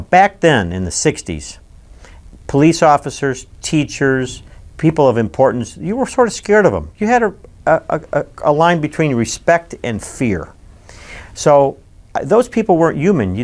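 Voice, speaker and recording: A man in his sixties from Michigan, recalling his childhood in an oral history interview with animated, emphatic storytelling. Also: lowish voice. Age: 60s.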